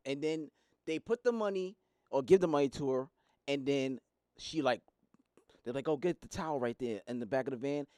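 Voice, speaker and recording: A man in casual, crude banter, an animated storyteller who jumps into loud, high voices when quoting people. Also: no room sound, clean studio sound.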